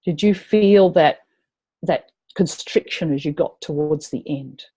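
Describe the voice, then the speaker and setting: A woman's voice: low voice, a little slow, dark tone, slightly rough. A woman leading a live tapping webinar, chatty and encouraging as she guides her attendees.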